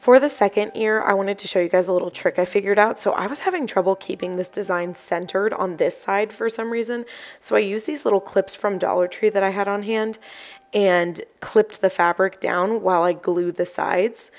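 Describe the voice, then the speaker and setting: A young woman hosting a craft channel, talking through each step in a chatty voice-over, a little croaky from the early morning. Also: medium pitch, normal speed. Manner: chatty, explanatory, apologetic asides. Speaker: DIY crafts channel host. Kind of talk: voice-over tutorial narration.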